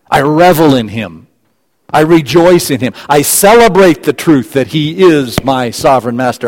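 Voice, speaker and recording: A man preaching a sermon, expounding scripture verse by verse, rising to emphatic peaks and dropping to quiet asides. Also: mid-range voice, big-room sound. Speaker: pastor.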